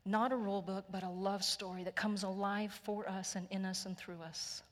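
Woman pastor, Texan accent, earnest and gentle sermon delivery, reverberant church hall. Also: medium pitch, fairly even intonation, moderate pace. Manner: gentle, earnest storytelling with soft hushed passages. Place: church sanctuary.

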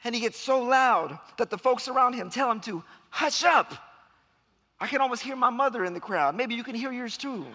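Male preacher, sermon, swooping expressive delivery, echoing sanctuary. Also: very high voice, normal speed. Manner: dramatic storytelling, acting out shouts and voices. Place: church sanctuary. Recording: long hall reverb.

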